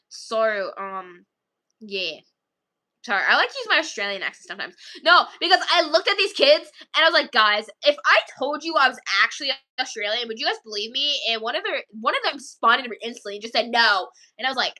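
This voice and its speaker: A woman chats to her viewers in a bright, sharp-edged voice that sits a little high. She rambles through her stories, packed with fillers, and keeps breaking into giggles. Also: big pitch swings, a little fast. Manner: rambling, filler-heavy storytelling. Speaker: streamer chatting with viewers. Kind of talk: casual chat.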